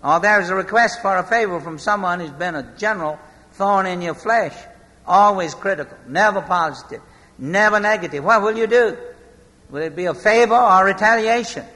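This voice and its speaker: Male pastor, high tenor, sermon delivery, long hall reverb. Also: sharp tone. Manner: storytelling, slowing for emphasis.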